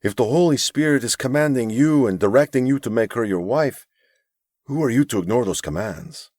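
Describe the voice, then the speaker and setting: A male narrator voicing an older bearded mentor, gentle and devout, speaking earnestly in a raised voice. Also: mid-range voice, expressive, brisk, no echo, voice pushed up, close to an everyday voice.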